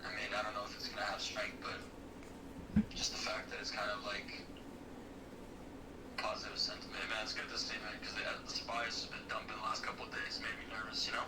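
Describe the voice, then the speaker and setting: A young man talks in a flat, monotone way, full of slang, swearing and "like" fillers. A clear layer of background noise runs under his voice. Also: lowish voice, brisk. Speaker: guest trader on stream. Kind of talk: casual chat.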